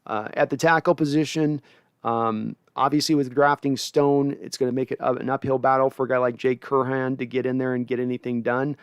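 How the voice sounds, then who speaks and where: A man's voice: medium pitch, level tone, fairly quick, clear, resonant tone, dry recording, studio quality. A man hosting a casual livestream, breaking down football players in a rambling way with many restarts. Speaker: host. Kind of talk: casual livestream sports analysis.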